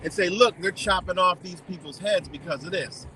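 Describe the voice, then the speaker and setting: Ranting high-voiced man outdoors. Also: normal speed, bright, forceful tone, a little hiss or hum, poor audio. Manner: profane, heated, repetitive ranting. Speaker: live streamer. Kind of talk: ranting live stream monologue. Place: outdoors by a lake in winter.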